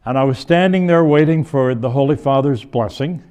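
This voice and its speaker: A man's voice: medium pitch, moderate pace, warm tone, clear, resonant tone. An older man, a bishop giving a rambling conference talk full of personal stories and self-corrections. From United States. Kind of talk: storytelling lecture. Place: conference hall before an audience.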